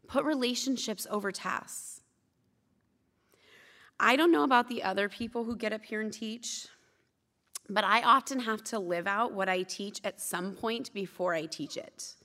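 Bright-voiced woman teaching a sermon. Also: fairly high pitch. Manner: candid, self-deprecating storytelling. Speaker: church teacher.

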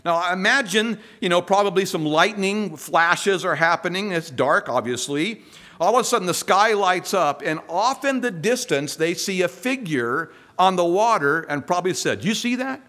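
A man's voice: sits high, lively intonation, normal speed, sharp tone. A man preaching a sermon, retelling a scripture story with humor and acting out the voices of the people in it. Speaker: pastor.

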